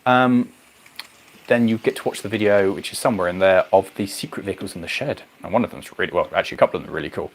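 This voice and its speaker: A man hosting a casual livestream, chatting to viewers in a rambling, animated way. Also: deep voice, quick pace. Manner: rambling, animated, goes off on tangents. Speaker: livestream host. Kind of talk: casual chat reading viewer comments.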